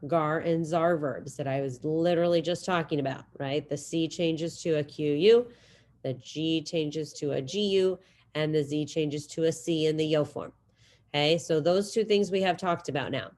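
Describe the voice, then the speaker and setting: A woman teaching a Spanish class over a video call. She sometimes drills verb forms slowly and clearly, then talks quickly. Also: low-pitched. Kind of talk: online class lecture with screen share. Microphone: computer mic on video call.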